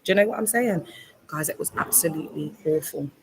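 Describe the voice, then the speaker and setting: A woman's voice: deep voice, a little fast, crowd noise, rough recording. Emotional woman livestreaming from hospital. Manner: emotional, rambling, addresses chat by name. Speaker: livestreamer, cult survivor. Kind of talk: casual live-stream talk. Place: hospital room. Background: hospital background noise.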